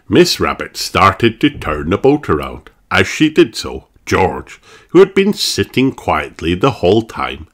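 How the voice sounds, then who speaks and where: A man reading a children's picture book aloud, slow and expressive. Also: deep voice. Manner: slow, expressive, sing-song. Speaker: storybook reader.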